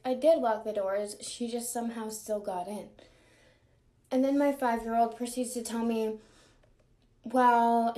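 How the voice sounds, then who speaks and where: A young woman, a mother, casually telling a family story and acting out the quoted lines in lively voices. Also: a little high. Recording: echoey room.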